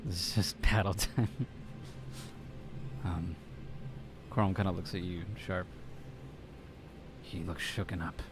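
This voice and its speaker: Low-voiced man running a tabletop game. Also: slow, pauses often, noisy background. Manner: relaxed, hesitant, many fillers. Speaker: game master.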